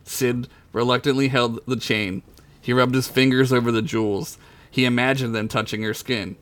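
A man's voice: medium pitch, steady tone, normal speed, a bit bright, dry recording. A man reading his own comic fantasy story aloud on a podcast, casual and laughing into his lines.

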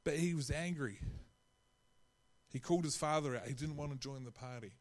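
Conversational male preacher, slightly high voice. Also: normal speed. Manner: conversational, with frequent restarts and acted-out quotes. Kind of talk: sermon.

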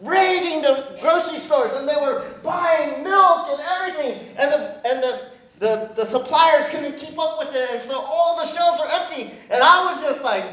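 A man's voice: very high voice, moderate pace. A male pastor preaching a sermon, joking and acting out voices, recorded from a distance in a church. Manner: animated, jokey, acts out voices of God and people. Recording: distant, echoey, muffled hall mic.

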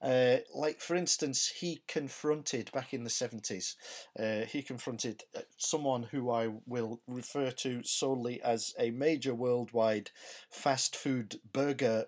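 A Scottish man talks through comedy reviews in a loose, digressive way. He often stops mid-phrase to hunt for the right word, then corrects himself and carries on. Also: medium pitch. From Scotland. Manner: rambling, searches for words and corrects himself. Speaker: podcast co-host. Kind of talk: casual comedy review chat.

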